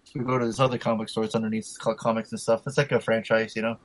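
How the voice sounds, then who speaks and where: Fast-talking husky man swearing freely. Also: lowish voice, level tone, no room sound, rough recording. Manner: profane, rambling anecdote-telling with many fillers. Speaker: storyteller in a casual chat. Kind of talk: casual chat.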